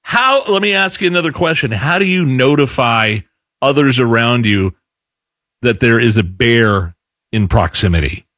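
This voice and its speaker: A man in his forties, a radio host telling stories in casual studio banter, animated and quick to act out loud impressions. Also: mid-range voice, no room sound.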